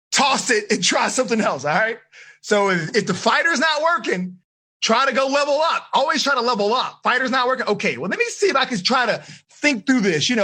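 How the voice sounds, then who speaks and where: A man running a live seminar for teenagers, energetic and asking the audience questions. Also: high voice, slightly rough. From United States. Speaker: teen life coach.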